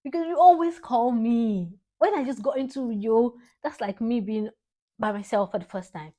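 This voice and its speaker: A woman's voice: a little high, normal speed, warm tone. A young woman in her twenties with a Nigerian accent, talking to camera in a heartfelt, dramatic tribute to her father, laughing between lines. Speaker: vlogger.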